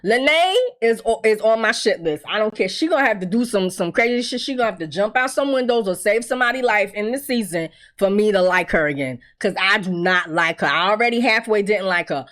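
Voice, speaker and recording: A woman's voice: medium pitch, expressive, a little fast, few pauses, a bit bright. A woman giving a casual, blunt, profane recap of a TV episode, acting out the characters' lines as she goes.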